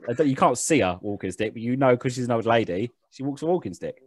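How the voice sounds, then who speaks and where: A man narrating a tabletop session as game master, rambling and laughing at his own slips. His voice sits at an ordinary pitch and sounds close and dry, with little room sound. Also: expressive, quick pace, a little mellow, no room sound. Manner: rambling, self-mocking, laughs at himself.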